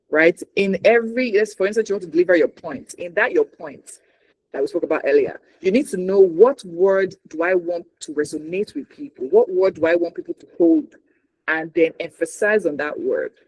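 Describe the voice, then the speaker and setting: A communication trainer with a Nigerian accent leads a workshop. His voice sits a little high for a man. He talks emphatically and keeps checking in with his listeners. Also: darkish tone, low-quality recording. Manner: emphatic, checks in with frequent "right?". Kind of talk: workshop teaching.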